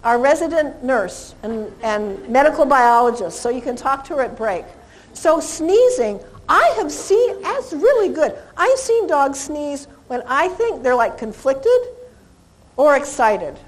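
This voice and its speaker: A woman with a fairly high voice teaches a live seminar on dog behavior. She is animated and talkative, and she imitates sounds as she goes. She often turns to the audience with questions. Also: measured pace.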